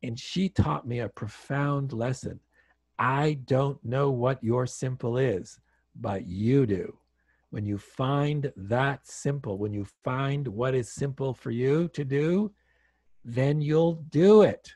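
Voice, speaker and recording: This Canadian guest on an online call is an animated storyteller who acts out the dialogue in his stories with energy. He talks slowly at a medium pitch, with no room sound in the recording.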